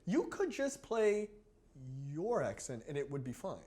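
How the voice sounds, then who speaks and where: A man with a fairly high voice that leaps all over the place, talking fast and loose on a film podcast. He swears freely and laughs often as he makes his points. His delivery is animated and emphatic. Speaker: podcast co-host reviewing films. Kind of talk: casual chat.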